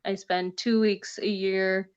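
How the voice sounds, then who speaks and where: A woman's voice: medium pitch, little pitch movement, takes it slowly, highs cut off, a crowd in the background. A woman comedian chatting casually as a guest, talking with many fillers. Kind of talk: casual conversation.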